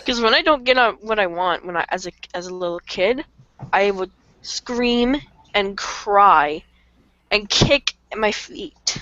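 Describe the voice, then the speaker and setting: A woman's voice: mid-range voice, animated, a little slow, pushed and bright, no room sound. Giggly young woman on a lo-fi call. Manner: giggly, self-mocking, many fillers. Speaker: podcast co-host. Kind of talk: casual storytelling chat on a voice call. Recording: dull lo-fi call audio, dry.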